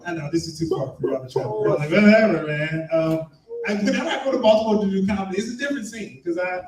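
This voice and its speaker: A high-voiced man from Maryland works a live comedy venue as a stand-up and emcee, talking quickly and bantering loosely and playfully with the crowd. The mic sounds distant, with a roomy echo.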